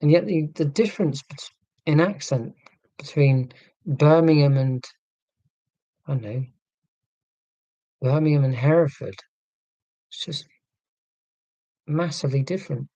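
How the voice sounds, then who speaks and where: A man's voice: a little high, measured pace, pauses often, warm tone, no room sound, lo-fi sound. A man from southern England hosting a casual live stream, reading chat and musing in a tangential, self-deprecating way. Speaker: livestream host reading chat.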